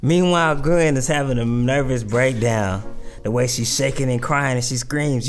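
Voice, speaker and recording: A man telling a melodramatic story, acting out every character and building to near-shouting. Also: mid-range voice, sing-song, measured pace, soft background music. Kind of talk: animated spoken storytelling.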